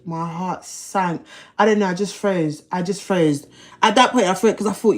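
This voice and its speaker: A woman's voice: mid-range voice, normal speed. A woman telling a personal story on a livestream. She talks bluntly, in slang and profanity, and often repeats herself. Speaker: livestream host.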